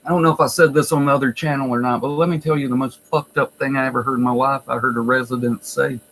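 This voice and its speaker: A man's voice: medium pitch, fairly even intonation, quick pace, fairly bright tone, low-quality recording. A man who works in a nursing home, telling stories in a blunt, profane, wry way. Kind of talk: casual storytelling vlog.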